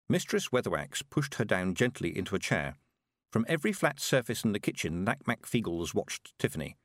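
A man narrating a storybook in an expressive, measured way. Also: on the low side, dry recording, clean studio sound. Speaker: audiobook narrator.

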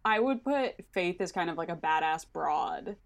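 A woman co-hosting a podcast in casual chat, animated, swearing freely and laughing often. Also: lowish voice, normal speed. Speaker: podcast co-host.

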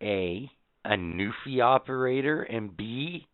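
A man's voice: medium pitch, expressive, takes it slowly, clear, resonant tone. A man co-hosting a podcast, boisterous and profane, laughing often and ranting in casual banter. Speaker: podcast co-host. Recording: tinny lo-fi recording.

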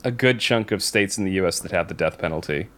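A man's voice: deep voice, quick pace, fairly bright tone. A man in casual chat, retelling a film's story in a rambling way with many fillers and restarts.

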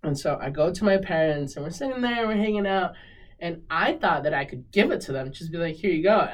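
A woman's voice: fairly low pitch, expressive, a little fast. Woman telling her story, slightly distant. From Mexican heritage, United States. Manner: candid and emotional, laughs often between words. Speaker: podcast guest. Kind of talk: personal storytelling in a casual interview.

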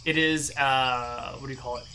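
A man narrating as game master of a tabletop role-playing game, relaxed and full of fillers. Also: medium pitch, moderate pace, a little hiss or hum. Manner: relaxed, filler-heavy narration with many restarts.

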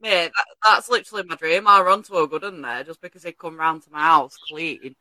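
A woman's voice: deep voice, brisk, pushed and bright, no echo. A woman co-hosting a casual chat show, with a blunt, sweary, bantering manner. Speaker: podcast co-host.

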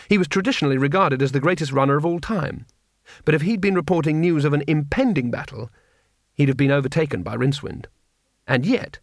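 A man narrating a comic fantasy audiobook in a wry, brisk storytelling manner. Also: a little high, no room sound, studio quality. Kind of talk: scripted narration.

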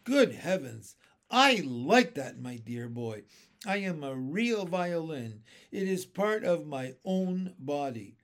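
A man's voice: on the high side, animated, slow, a little mellow. A man voicing a kindly old green grasshopper who explains things proudly, in a storybook reading. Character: old green male grasshopper, gentle and wise.

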